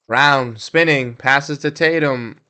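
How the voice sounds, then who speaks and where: A young man hosting a casual livestream watch-along, reacting to plays and talking with his chat in quick, excitable bursts. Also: mid-range voice. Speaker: livestream host. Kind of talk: casual live game commentary.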